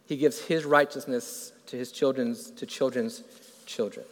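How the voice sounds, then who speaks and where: A man preaching a sermon who asks the congregation questions and builds from quiet to loud and fervent. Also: mid-range voice, fairly even intonation, measured pace, long reverb tail.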